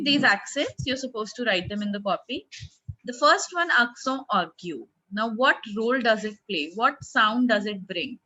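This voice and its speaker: A woman with an Indian English accent teaching a French class online, explaining slowly and quizzing her pupils. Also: fairly high pitch, bright, forceful tone, dull audio. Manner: slow, explanatory, asks the class questions.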